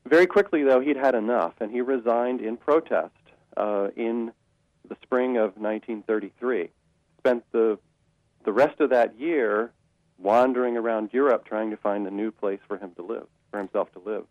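A man, an author answering an interviewer's questions, speaking in a measured way with frequent restarts and fillers. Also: medium pitch, no echo, lo-fi sound. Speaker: author and guest.

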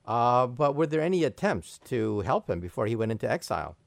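A man's voice: medium pitch, very animated, fairly quick, gravelly, dry recording. A man hosting a radio interview, asking questions in an inquisitive way.

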